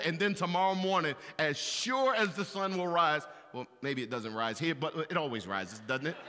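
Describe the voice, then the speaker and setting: A man preaching to a large congregation, his voice high and very bright. He swings from loud, animated bursts to hushed confessional passages. The sound rings with long reverb from a big church hall. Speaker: pastor. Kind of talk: sermon.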